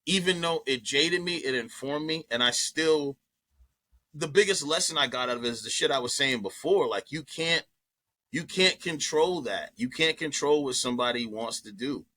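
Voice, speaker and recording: A man on a podcast telling a story in a loose, profane way, acting out what people said. His voice is bright and forceful, and it sits a little high for a man. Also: normal speed. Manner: animated, profane, acts out quotes in voices. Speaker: comedian guest. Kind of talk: casual storytelling chat.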